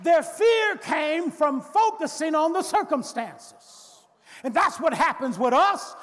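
A pastor preaching with a high voice and unhurried delivery, rising from soft to shouting. His sermon rings through a large church with long reverb. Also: big pitch swings. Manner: dramatic, swings from soft to shouting.

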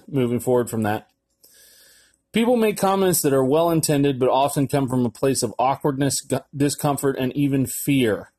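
Mellow, rambling male podcast host. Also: medium pitch, slightly rough. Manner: rambling and offhand, with frequent fillers and cursing. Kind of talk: casual solo podcast, reading an article aloud.

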